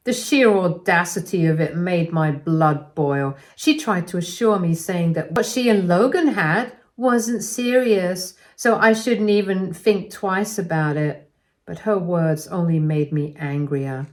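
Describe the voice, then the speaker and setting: A woman's voice: lowish voice, slow. A woman reading a first-person story aloud in a scripted narration style, with dramatic delivery that rises into her own angry outbursts.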